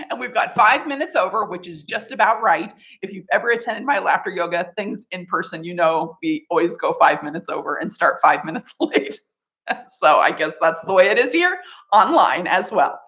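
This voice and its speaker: A woman's voice: on the low side, animated, normal speed, a bit bright. A woman leading a live online laughter yoga session, playful and laughing often, chanting ho ho ha ha between tips. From United States.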